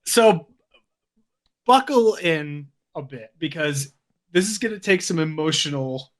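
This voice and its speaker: Calm man telling a story. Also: fairly high pitch. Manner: calm, teasing, measured build-up. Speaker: podcast co-host. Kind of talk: casual storytelling.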